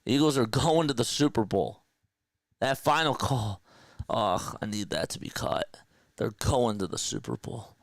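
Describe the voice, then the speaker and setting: A young man hosting a casual sports livestream, talking to his chat with excitement and emotion. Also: mid-range voice, a little slow, no room sound.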